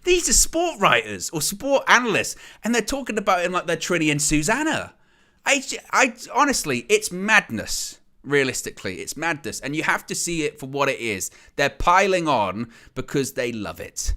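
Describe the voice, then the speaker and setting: A man hosting a live fan stream, ranting with animated disbelief and firing off rhetorical questions. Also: fairly high pitch, moderate pace. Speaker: host of a fan channel. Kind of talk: live-stream opinion commentary.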